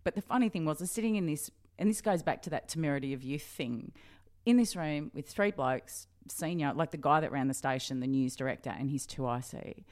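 Brief: middle-aged Australian woman, low voice, lively anecdotes, laughs a lot. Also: brisk. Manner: animated, laughing, acts out past dialogue. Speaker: guest journalist. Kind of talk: storytelling interview.

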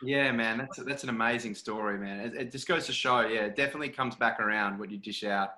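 A man hosting a casual podcast, friendly and relaxed, chatting with a mate. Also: mid-range voice, fast talker, slight background noise. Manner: friendly, relaxed, uses "man" and "gee whiz". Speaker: podcast host.

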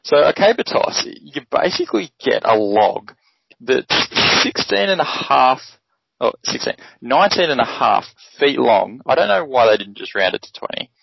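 A man co-hosting a casual sports podcast walks through his explanations with lots of ums. His voice is gravelly and husky. The sound is dry and lo-fi, with no room echo. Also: medium pitch, moderate pace. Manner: explains at a relaxed pace, with many ums. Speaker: podcast co-host. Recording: dry, dull lo-fi podcast audio.

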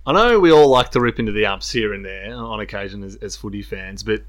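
A man's voice: on the low side, a little fast. An Australian man co-hosting a sports podcast, chatting casually, laughing often and telling footy stories. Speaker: podcast co-host.

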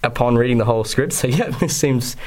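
A man's voice: mid-range voice, fairly quick, darkish tone. A young Australian man with an Australian accent, an actor chatting about his play in a casual radio interview, hesitant with many fillers and restarts.

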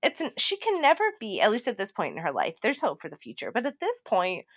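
A woman's voice: medium pitch, fast, breathy edge. A woman co-hosting a podcast in casual chat, telling stories animatedly with many "like" fillers. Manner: animated storyteller, many "like" fillers, laughs often. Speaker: podcast co-host. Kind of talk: casual chat recapping a TV show.

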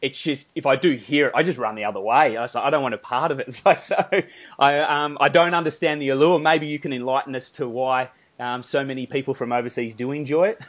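A man's voice: mid-range voice, a little fast, a bit bright. A man with an Australian accent hosting a podcast, chatty and rambling, laughing often. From Melbourne, Australia. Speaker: podcast host. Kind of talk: casual interview chat.

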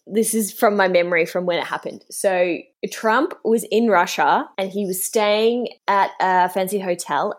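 A woman co-hosting a podcast, casually recounting a story from memory. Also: medium pitch. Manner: conversational storyteller, reacting with short remarks. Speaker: podcast co-host. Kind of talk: casual chat.

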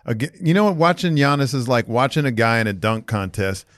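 A man's voice: medium pitch, a little fast, no room sound, clean studio sound. A man co-hosting a sports talk show, rambling and joking in casual chat. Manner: animated, rambling, jokey. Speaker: podcast co-host.

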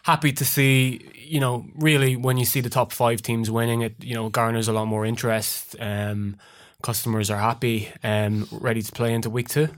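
A man on a sports betting podcast, talking in a halting, customer-friendly way with many ums. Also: medium pitch, flat delivery. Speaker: bookmaker podcast panelist. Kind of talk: casual sports betting chat.

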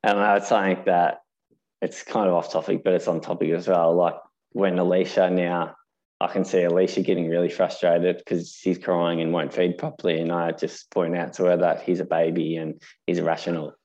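A man's voice: low voice, little pitch movement, moderate pace, a little mellow. A man hosting a podcast, asking questions and sharing stories in a rambling, conversational way. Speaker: podcast host. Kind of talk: casual interview chat. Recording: dull lo-fi recording.

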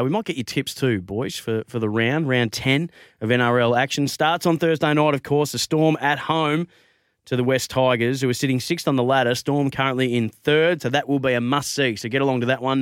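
A man's voice: mid-range voice, clean tone, no room sound, studio quality. A man hosting a radio show, casual and teasing with his co-hosts. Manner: upbeat, teasing. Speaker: radio host. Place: radio studio.

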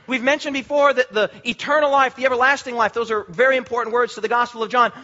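A pastor delivers an emphatic sermon in a very high, bright voice that rings with tension. He repeats words and restarts phrases as he drives his points home. The recording sounds muffled and lo-fi. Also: fairly even intonation, fast talker. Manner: emphatic preaching with repetitions and restarts.

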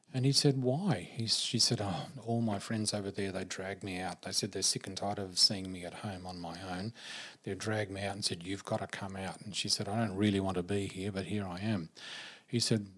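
Older male storyteller, husky, animated, plays all the quoted voices. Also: fairly low pitch. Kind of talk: personal storytelling.

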